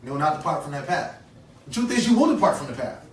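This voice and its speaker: His pitch sits on the high side and swings widely, and he moves at a quick pace. The man, in his thirties, is a motivational speaker giving kids an earnest conference talk, repeating key phrases and testing the audience with questions. Sound comes through a distant mic in an echoey hall with faint ambience.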